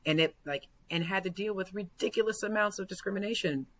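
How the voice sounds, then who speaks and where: A young adult woman, a basketball coach, chatting as a podcast guest in animated storytelling with lots of "like" fillers. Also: mid-range voice, quick pace, slight background noise, rough recording. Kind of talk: casual podcast conversation.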